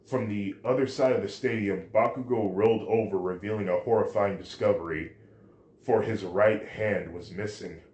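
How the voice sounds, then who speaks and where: A man reading a fan story aloud, halting now and then with restarts. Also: lowish voice, a little mellow. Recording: roomy echo.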